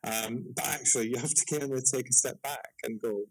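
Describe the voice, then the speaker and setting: A man's voice: medium pitch, moderate pace, hardly any pauses, dry recording, rough recording. A man co-hosting a podcast over a call, rambling and hesitant with lots of fillers. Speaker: podcast co-host. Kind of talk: casual podcast chat.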